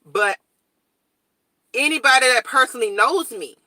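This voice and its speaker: Blunt, bright-voiced young woman vlogger. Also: high voice, moderate pace, no echo. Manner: blunt, straightforward, animated storytelling. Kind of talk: casual morning chat to viewers.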